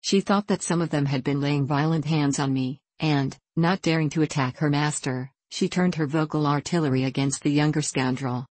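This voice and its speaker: A woman with a low voice narrates classic fiction in a measured, expressive way. The recording is close and dry, with no room sound. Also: no room sound. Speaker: audiobook narrator. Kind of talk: scripted narration.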